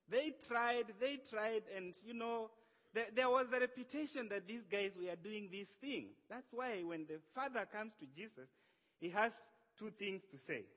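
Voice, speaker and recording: A man preaching a sermon in a conversational, animated way, acting out the voices he quotes. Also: high-pitched, unhurried. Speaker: pastor. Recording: long hall reverb.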